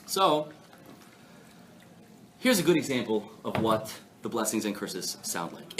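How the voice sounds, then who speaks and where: A man delivering an informal lecture to a live audience, his pitch rising and falling in a very animated way. He jokes often and keeps throwing questions to the room. Faint noise sits under the voice. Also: unhurried, long pauses. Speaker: rabbi teaching a weekly class. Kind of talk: lively informal Torah lecture. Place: class before a live audience.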